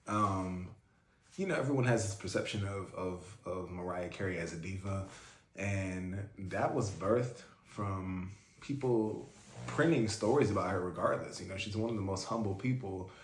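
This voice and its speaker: With a low-pitched voice at normal speed, a man hosts a casual album reaction, chatting like a fan and using lots of fillers. There's a roomy echo and faint music in the background.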